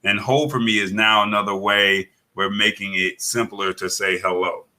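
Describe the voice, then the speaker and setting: A man talking tech news in a casual live podcast chat, halting, with many fillers and restarts. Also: on the low side, steady tone, bright, forceful tone.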